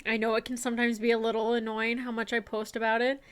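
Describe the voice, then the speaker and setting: A woman's voice: fairly high pitch, level tone, fast talker, smooth. A young woman, a self-published author, talking on her livestream, gushing, nervous and close to tears, often restarting her sentences. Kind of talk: emotional casual livestream talk.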